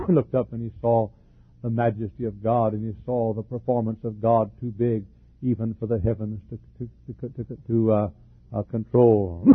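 Older man, preaching a sermon, husky voice, coughs, dry tinny lo-fi recording. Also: on the low side, no echo. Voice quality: husky, troubled voice with frequent coughs. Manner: fervent preaching with repetitions and laughs. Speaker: pastor.

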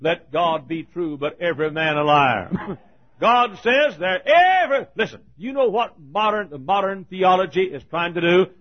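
A man preaching a fiery sermon as pastor, folksy and rising to thundering shouts. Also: high voice, moderate pace. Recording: lo-fi recording.

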